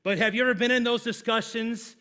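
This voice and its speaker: High, bright-voiced pastor preaching. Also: male voice, steady tone, brisk. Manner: swings between loud, high emphasis and quiet, low asides; addresses the congregation directly, prompting call and response. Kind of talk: sermon.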